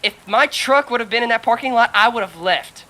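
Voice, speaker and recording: A woman co-hosting a podcast, telling a story in casual chat, animated and swearing a lot while acting out what others said. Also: a little high, fairly quick, low-quality recording. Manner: animated storyteller, heavy swearing, acts out quotes. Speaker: podcast co-host.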